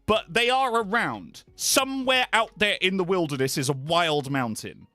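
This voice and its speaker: A man's voice: high voice, very animated, moderate pace, hardly any pauses, pushed and bright, no echo, faint music behind. A British man chatting on a live stream in a playful, rambling way, often trailing off into mumbles. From Britain. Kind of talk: casual live-stream chat.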